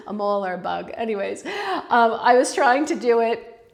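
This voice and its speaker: A woman's voice: on the high side, animated, moderate pace. A woman vlogging about her pottery in a casual, rambling, chatty way, breaking off mid-sentence and picking the thread back up. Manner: rambling, chatty, self-interrupting, warmly emotional. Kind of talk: casual chat.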